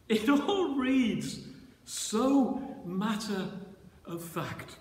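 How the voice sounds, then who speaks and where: High-voiced preacher in an echoing church. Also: male voice, very animated, very slow, vocal fry. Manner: dramatic, voice rising to shouts when voicing the disciples. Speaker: pastor. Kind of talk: sermon. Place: church sanctuary. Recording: roomy church reverb.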